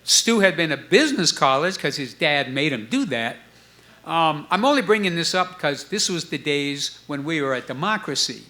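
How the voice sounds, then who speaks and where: A man in his seventies telling stories on a club stage, acting out the voices of others in his tale. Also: normal speed. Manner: animated storyteller, acts out quoted voices with jumps in pitch. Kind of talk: storytelling chat before a live audience.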